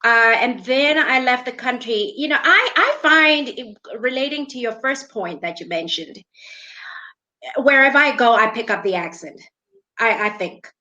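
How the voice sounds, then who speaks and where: A woman's voice: fairly high pitch, lively intonation, a little slow, pushed and bright, lo-fi sound. A woman from South Africa co-hosting a podcast, chatting casually and laughing often. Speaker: podcast co-host. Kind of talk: casual chat.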